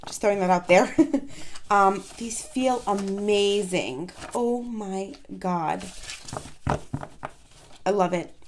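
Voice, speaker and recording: An excitable woman chatting through a planner unboxing at a home desk, taking her time over each word. She gasps and gushes in soft exclamations, and a faint hiss sits under her voice. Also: medium pitch. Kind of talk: casual unboxing chat.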